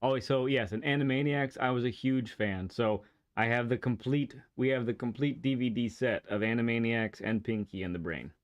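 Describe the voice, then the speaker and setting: A man's voice: mid-range voice, moderate pace, muffled recording. A man streaming a racing game, chatting casually and enthusiastically, rambling with many restarts and laughs. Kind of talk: casual livestream chat while playing a racing game.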